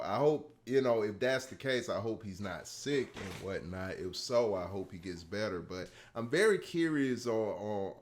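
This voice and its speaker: A man hosting a casual TV reaction video, talking to his viewers, swinging from quiet musing to loud excited hype. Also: low-pitched, a little hiss or hum. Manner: excitable, addresses viewers as y'all, drifts between hushed musing and loud hype.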